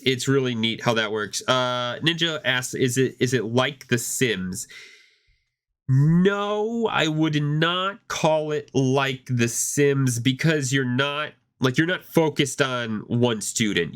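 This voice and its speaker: This gaming podcast co-host has a mid-range, fairly bright voice that's clear and resonant, yet hoarse as he fights off a cough. He chats casually and rambles, frequently restarting.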